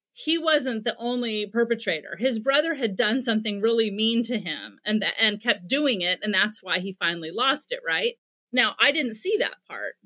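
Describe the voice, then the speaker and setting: A woman's voice: on the high side, bright, forceful tone. A middle-aged American woman, a parenting expert, explaining her ideas in an interview with concrete examples and emphatic repetition. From United States. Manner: teacherly, builds points with examples and emphatic repetition.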